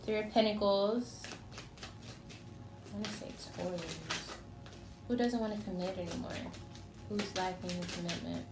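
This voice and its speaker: A woman's voice: medium pitch, fairly even intonation, normal speed, long pauses. A woman giving a casual tarot reading, chatty and teasing, talking straight to the signs she reads for. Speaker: tarot reader. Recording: echoey room with faint noise.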